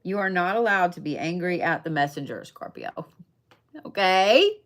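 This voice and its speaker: A woman's voice: lowish voice, lively intonation, normal speed, a bit bright. A young adult woman giving a casual, chatty tarot reading, emphatic and checking in with her listeners often. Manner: chatty, emphatic, frequent "okay?" check-ins, swears casually. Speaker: tarot and zodiac reader.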